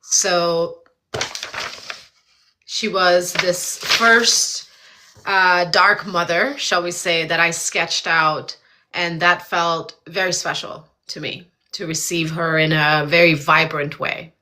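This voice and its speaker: A woman co-hosting a casual spiritual conversation, speaking in a reflective, halting way with many restarts. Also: fairly low pitch, steady tone, bright, forceful tone. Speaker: co-host.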